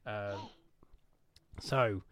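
A man co-hosting a casual football podcast, talking animatedly with loud bursts, swearing and laughing at his own jokes. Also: fairly low pitch, fairly even intonation, very slow, dry recording. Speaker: podcast co-host.

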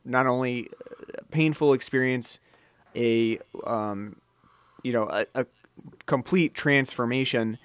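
A man's voice: medium pitch, no echo. A man hosting a casual podcast, wandering through his thoughts with plenty of restarts and "you know"s. He sits close to the mic in a dead, dry room. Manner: rambling, with many fillers and restarts. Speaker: podcast host. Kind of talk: casual chat. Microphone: close microphone.

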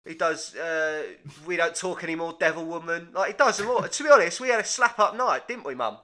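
A man's voice: on the high side, brisk, pushed and bright. A young man co-hosting a comedy podcast, chatty and giggly in casual banter. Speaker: podcast co-host.

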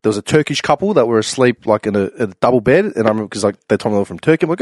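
Chatty podcast co-host, male, quick rambling storyteller, dry close mic. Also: on the low side, dry recording. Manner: animated rambling storyteller, slangy, swears. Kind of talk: casual chat.

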